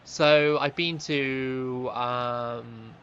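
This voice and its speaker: Young man, game streamer, chatty commentary, sharp tone, muffled lo-fi mic, faint hiss. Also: medium pitch, fairly even intonation, extremely slow. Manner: chatty, reacts loudly to play, reads chat aloud. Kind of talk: live gaming stream commentary.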